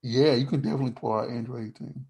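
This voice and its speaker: A man hosts a podcast in a loose, casual chat. He rambles, circles back and restarts his sentences, and laughs along the way. His voice sits at an ordinary middle pitch. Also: fairly even intonation, very fast, gravelly, over a noisy crowd. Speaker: podcast host.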